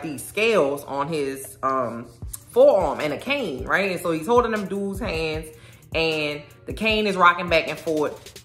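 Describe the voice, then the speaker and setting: Low-voiced woman, slangy show recap. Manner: animated and slangy, acts out the lines. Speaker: video host recapping a show episode. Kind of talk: casual recap chat. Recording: echoey room, faint music.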